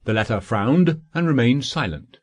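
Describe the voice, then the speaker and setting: A man reading an audiobook novel in a steady, measured narration. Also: medium pitch, no room sound. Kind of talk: scripted narration.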